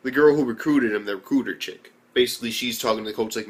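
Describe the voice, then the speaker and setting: A man's voice: mid-range voice, fast. A young man casually reviewing an anime episode, rambling loosely with lots of fillers and swearing.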